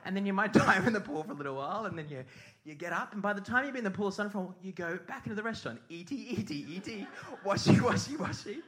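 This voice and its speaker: A man's voice: high-pitched, rapid-fire, bright, forceful tone. A middle-aged man preaching a sermon as pastor, telling a comic story with sung mimicry and put-on voices.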